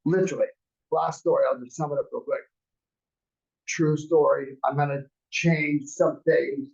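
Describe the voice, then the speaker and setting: A man's voice: on the high side, steady tone, measured pace, gravelly, a little mellow, slightly rough. A man in his forties teaching a class, rambling through personal anecdotes and acting out quotes in a dull lo-fi recording. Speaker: real estate class instructor. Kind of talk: casual storytelling lecture.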